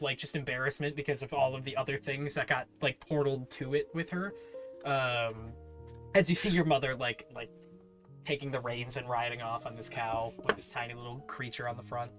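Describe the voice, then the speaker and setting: Guy gm narrating a tabletop game, lots of uh's, bright voice, soft music behind. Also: mid-range voice, fairly even intonation, moderate pace. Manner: hesitant narration with many fillers. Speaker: game master. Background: faint music.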